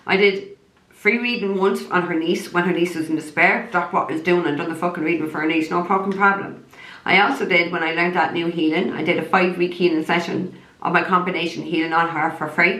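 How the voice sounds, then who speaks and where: Irish woman, low-ish voice, blunt swearing rant, echoey room. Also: a bit bright. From Ireland. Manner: heated, swears heavily, blunt. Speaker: psychic medium. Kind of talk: angry direct-to-camera rant. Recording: roomy echo.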